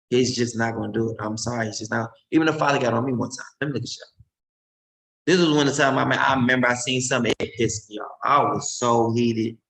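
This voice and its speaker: A man preaching informally and emphatically, swinging between loud outbursts and low murmurs. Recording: roomy echo.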